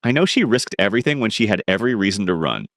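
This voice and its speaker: A man voicing a tough, stubborn male crime boss who gives gruff commands, in a storybook reading. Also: fairly low pitch, very animated, fast talker, a bit bright, no echo, studio quality. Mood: determined.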